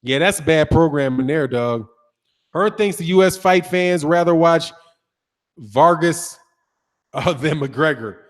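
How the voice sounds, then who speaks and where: A man hosts a boxing livestream in a slangy, laughing chat voice that sits high. He reads out viewer comments and keeps throwing in "man" and "dog." The sound carries a long reverb. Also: lively intonation, slow pace, pauses often. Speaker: boxing channel host.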